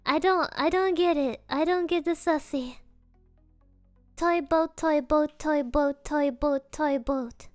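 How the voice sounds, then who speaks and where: A woman's voice: high-pitched, slow, no room sound, faint music behind. A woman virtual streamer chatting casually with a non-native English accent, playful and giggly, repeating silly phrases. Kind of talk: casual live stream chat.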